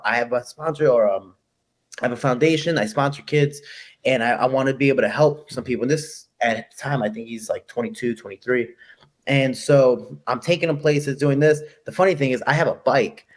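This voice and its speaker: A young man from Chicago talks casually as an interview guest. His voice sits at a middle pitch, and he tells stories quickly and with animation, slipping into the voices of the people he quotes. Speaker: guest fighter.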